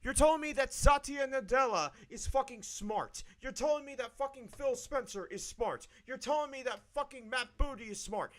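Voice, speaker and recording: A man's voice: extremely high pitch, moderate pace, few pauses. A man streaming live, ranting angrily with heavy swearing and repeating his points. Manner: profane, angry, repeats himself.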